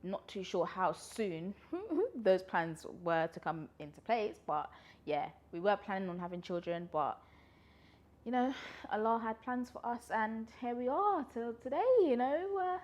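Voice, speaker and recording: A woman's voice: medium pitch, sing-song, a little slow. A woman, chatting casually through a pregnancy Q&A vlog, a little out of breath and laughing often. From London, UK. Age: 20s. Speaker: vlogger.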